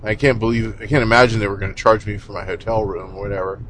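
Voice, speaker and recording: Man, lowish voice, casual rambling monologue, blunt and exasperated, faint background noise. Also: fairly even intonation, fast talker, fairly bright tone, rough recording. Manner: rambling, conversational storytelling with many fillers; exasperated, blunt, mild swearing.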